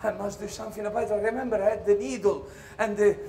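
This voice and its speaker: Male stage performer, comic monologue, high voice, lively acting. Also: quick pace, gravelly. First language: Italian. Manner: animated storytelling, jumps into shouted voices and laughter.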